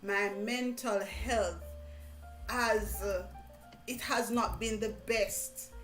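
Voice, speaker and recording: A middle-aged Jamaican woman hosting a motivational live stream, talking in an animated way, repeating phrases and laughing often. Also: mid-range voice, very slow. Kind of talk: casual interview chat. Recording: echoey room with faint music.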